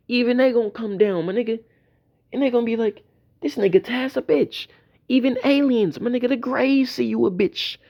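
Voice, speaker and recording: Profane ranting man, lively pitch swings. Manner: profane, repetitive, mocking tirade. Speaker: YouTube commentator. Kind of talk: ranting commentary video.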